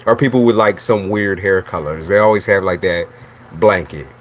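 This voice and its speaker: A man with a fairly low voice talks in a loose, rambling monologue as a tarot reader. He is blunt and profane, with frequent laughs between his thoughts. A faint hiss of noise sits under his voice. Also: moderate pace. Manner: blunt, chatty, swears freely, laughs often. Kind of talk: casual livestream monologue.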